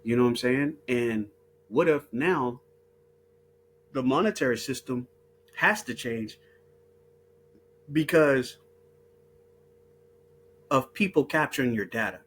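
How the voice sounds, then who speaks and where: This host of his own video talks slowly in a mid-range voice, leaving long pauses, while a faint hiss or hum sits underneath. His casual monologue is heated and profane, full of repetitions and restarts.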